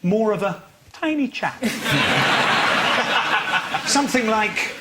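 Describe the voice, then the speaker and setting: A man's voice: sits high, very animated, very slow, very noisy. A man hosting a comic panel show, delivering scripted jokes in a dry, wry way in a TV studio. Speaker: host. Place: TV studio with live audience.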